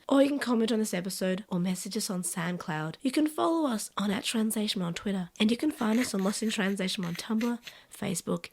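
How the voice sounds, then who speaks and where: A woman chats casually as a podcast co-host, her voice croaky and raspy, worn down to the edge of giving out. She keeps talking through it at an ordinary pitch.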